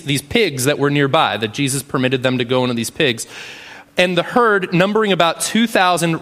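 A man delivers a sermon in a relaxed, conversational manner, often tagging his points with a quick question. His voice sits a little high, and a long reverb trails behind it, as in a large church hall. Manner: conversational, frequent "right?" tags. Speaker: pastor.

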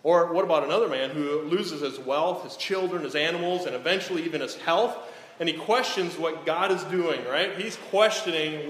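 A male preacher delivers a sermon, leaning on rhetorical questions and softening his voice for solemn points. His voice sits a little high for a man. The sound carries a long reverb tail with faint background ambience. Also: moderate pace, slight background noise. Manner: rhetorical, often tags lines with "right?"; drops to a hush on solemn lines. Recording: echoey hall, faint ambience.

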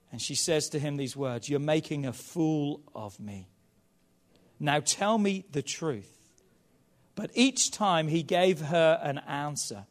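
Man, pastor, family sermon, children's Bible story reading, animated storyteller, fairly high voice. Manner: animated storyteller, calls on the audience to repeat lines.

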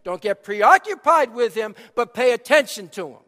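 A man preaching a sermon as a pastor, swinging between loud, emphatic lines and hushed, quiet ones. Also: extremely high pitch, lively intonation, normal speed, hardly any pauses. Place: church sanctuary. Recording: long hall reverb.

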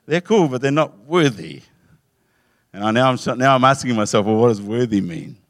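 A man delivers a sermon in a middle-pitched voice. He tells the story in a lively way, slipping into acted voices. The sound is dry and close. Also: moderate pace, no room sound. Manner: animated storytelling, acting out voices with laughs. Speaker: preacher.

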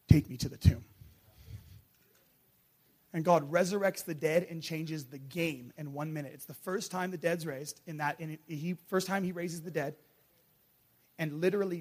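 High-voiced man preaching with passion. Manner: passionate, swings from shouting to hushed. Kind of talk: sermon.

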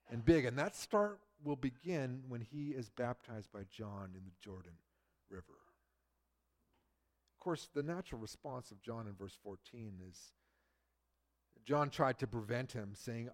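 A middle-aged man preaching a sermon, who swings from loud emphasis to a hushed near-whisper. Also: mid-range voice, measured pace. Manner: acts out quoted people in lively voices. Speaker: pastor.

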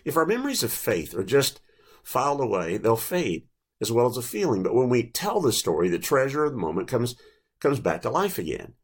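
An older man in his late sixties preaching a reflective sermon, telling stories gently with small restarts. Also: medium pitch, huge pitch swings, a little fast, slightly rough. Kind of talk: sermon with storytelling.

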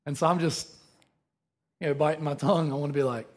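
A preacher in his thirties delivers a conversational sermon, telling a humorous story and frequently checking in with his listeners. His voice is a little high and steady in tone, and he talks fast but pauses often.

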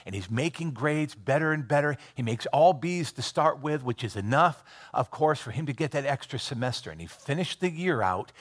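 Guy preaching, retelling a movie like a story, mid pitch, lots of restarts and ums. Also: a bit bright, breathy edge. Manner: retells a film scene by scene, briefly voicing its characters; conversational with frequent restarts and filler words. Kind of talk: sermon storytelling.

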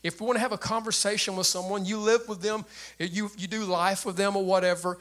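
An older man, a grandfather, preaching a sermon to his church in an animated, plain-spoken way. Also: brisk. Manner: animated preacher with a light, high voice and plain speech. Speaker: pastor.

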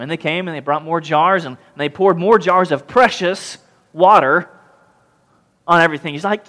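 A man preaching a sermon as pastor, reading scripture and acting out scenes with mocking, lively voices. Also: a little high, fairly quick. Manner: animated, mocking voices when retelling the story.

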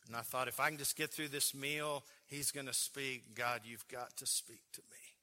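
A pastor preaches a storytelling sermon from a church pulpit, his sharp voice very forceful yet mid-range, steady, and at normal speed. Earnest and emotional, he often stumbles over and repeats his words.

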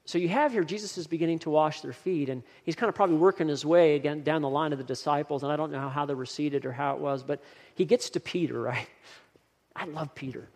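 A man's voice: on the high side, fast talker, darkish tone. Earnest male preacher in a reverberant hall. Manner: earnest preaching, rising emphasis, repeats key phrases. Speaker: pastor. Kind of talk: sermon.

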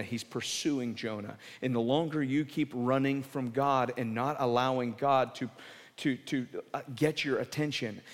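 A man preaching a sermon, mid-pitched, retelling the story with lively animation. He sinks into soft, earnest emphasis when driving a point home. His voice rings out in a hall with a long reverb. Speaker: pastor.

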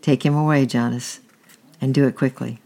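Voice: medium pitch, fairly even intonation, moderate pace, creaky, warm tone, close to an everyday voice. A reader voicing a weary Roman master. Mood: stern.

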